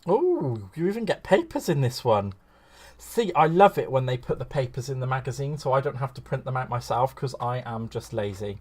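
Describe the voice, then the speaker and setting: A man's voice: medium pitch, big pitch swings, moderate pace, a little mellow, breathy edge. A man hosting a live crafting stream, chatting in a rambling, gushing way and greeting viewers fondly. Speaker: craft livestream host.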